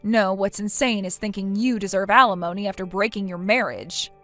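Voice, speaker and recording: A woman's voice: medium pitch, fairly quick, sharp tone, soft background music, natural voice. A synthetic woman's voice playing a blunt young woman who lectures her friend sternly in a text-message story. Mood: scolding. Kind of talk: text-to-speech text story narration.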